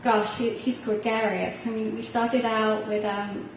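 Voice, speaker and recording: A woman's voice: a little high, level tone, unhurried, a little hiss or hum. A middle-aged woman, a parent on a panel, telling a heartfelt personal story with some laughter, recorded from a distance in a hall. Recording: echoey room heard from far off.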